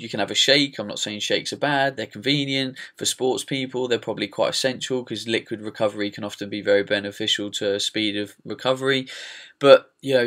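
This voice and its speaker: A man hosting a podcast, giving his relaxed, opinionated take and joking with his guest. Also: medium pitch. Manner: relaxed, opinionated, fond of banter. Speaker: podcast host. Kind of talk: casual podcast chat.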